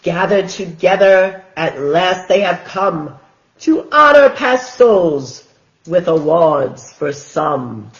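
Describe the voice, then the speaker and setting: A woman hosting a children's storytime, reading picture books aloud in a gentle, expressive way. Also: on the low side, takes it slowly, lo-fi sound. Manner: gentle, expressive, sing-song. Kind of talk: picture book read-aloud for toddlers.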